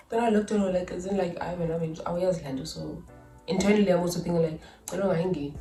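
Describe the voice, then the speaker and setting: A young woman with a South African accent tells a personal story casually, animated and full of asides. Her voice sits a little low. She is slightly off-mic in an echoey room. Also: rapid-fire, distant mic, faint music behind. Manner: chatty, animated retelling with asides and laughs. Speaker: YouTuber.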